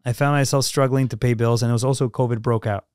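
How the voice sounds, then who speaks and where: A man's voice: mid-range voice, steady tone, fast, a little mellow, smooth, no echo. Male podcast guest, emphatic storyteller, dry close sound. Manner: emphatic, repetitive, emotional. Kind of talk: personal storytelling.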